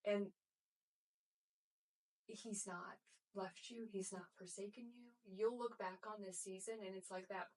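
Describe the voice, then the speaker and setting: A woman's voice: medium pitch, fairly even intonation, a little slow, pauses often, darkish tone. Reflective middle-aged woman from Russia, distant mic. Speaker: guest mentor. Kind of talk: testimony in conversation. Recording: distant mic, faulty audio.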